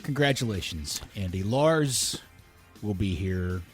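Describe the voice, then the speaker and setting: A man's voice: fairly low pitch, expressive, slow pace, faint music behind. A man co-hosting a casual podcast chat, rambling and correcting himself, laughing often. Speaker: podcast co-host.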